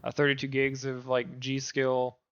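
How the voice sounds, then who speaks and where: A man's voice: medium pitch, monotone, moderate pace, fairly bright tone, smooth, lo-fi sound. A man co-hosting a gaming podcast, chatting casually with lots of fillers and restarts. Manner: rambling, many fillers and restarts. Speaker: podcast co-host. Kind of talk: casual chat.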